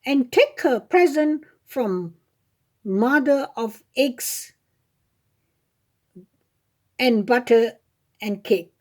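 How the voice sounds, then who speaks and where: A sweet, kind little girl from a storybook who answers everyone politely and innocently, as a woman reading aloud voices her. The voice is high and mellow, and the speech is slow. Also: animated, heavily acted.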